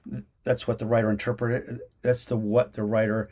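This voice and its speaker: An actor and acting teacher answers interview questions casually over a video call, speaking at normal speed in a medium-pitched voice. He's animated, with many restarts and fillers.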